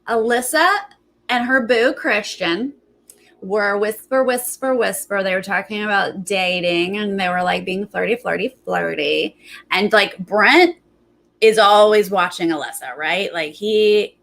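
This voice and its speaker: Chatty woman host telling animated stories. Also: medium pitch, slow pace, vocal fry, low-quality recording. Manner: animated storytelling, acting out quotes, frequent "like"; chatty, greets viewers by name. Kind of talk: casual chat, live show recap.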